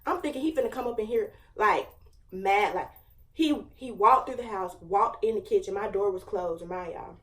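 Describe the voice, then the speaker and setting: A woman's voice: medium pitch, normal speed, fairly bright tone, distant mic. A young woman in her late teens, casually telling a dramatic storytime with lots of slang and fillers. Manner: chatty, slangy, dramatic retelling. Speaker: vlogger.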